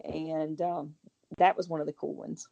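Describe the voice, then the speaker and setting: A woman with a low, gravelly voice tells her story in a chatty, rambling way, restarting her sentences as she goes. Her tone is dark and mellow. She speaks as a guest homeowner in a casual interview. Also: level tone, a little slow, highs cut off.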